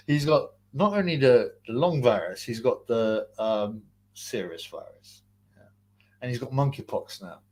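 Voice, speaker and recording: A man's voice: mid-range voice, expressive, slow. A young man hosting a live stream, chatting casually, rambling in slang and thanking donors. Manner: rambling and slangy, laughs often, trails off into mumbles. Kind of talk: casual live-stream chat reading donations and questions.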